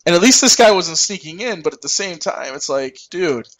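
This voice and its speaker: A man's voice: high-pitched, expressive, a little fast, a bit bright, rough recording. A young man co-hosting a podcast, telling a rambling, profane work story and acting out the people in it. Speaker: podcast co-host.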